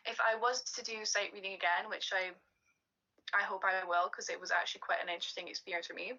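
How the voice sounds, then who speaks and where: A woman's voice: mid-range voice, steady tone, fast, pushed and bright, dull audio. A young woman, a drama student, giving a plain, reflective spoken evaluation of her course over slides, recorded on a computer mic. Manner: plain, reflective, self-assessing.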